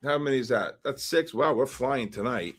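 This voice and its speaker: A man hosting a livestream, reading out numbers and usernames for a giveaway and getting excited about each winner. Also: mid-range voice, moderate pace, slight background noise. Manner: excitable, shouts when names are drawn. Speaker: livestream host. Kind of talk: live-stream giveaway draw.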